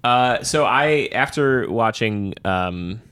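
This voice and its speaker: A man's voice: mid-range voice, lively intonation, slow pace, fairly bright tone, smooth, no room sound. A man co-hosting a podcast, chatting playfully about movies with a teasing, hesitant manner. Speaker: podcast co-host. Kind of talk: casual chat about movies.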